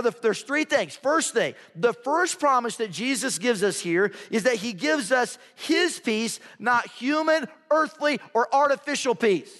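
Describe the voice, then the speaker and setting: A man's voice: high-pitched, a bit bright, in a large hall. A man preaching a sermon as pastor, telling stories and throwing rhetorical questions to the congregation.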